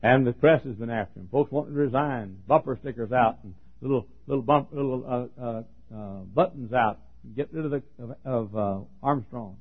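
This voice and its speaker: Husky folksy preacher man, tinny recording. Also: mid-range voice, moderate pace. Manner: folksy and joking, swings from hushed talk to shouting. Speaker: pastor. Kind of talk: sermon.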